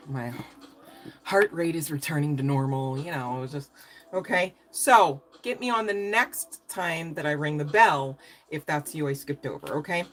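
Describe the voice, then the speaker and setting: A tarot reader with a deep, slightly slow voice chats her way through a live reading. She laughs often and curses in a cheeky way, using plenty of slang.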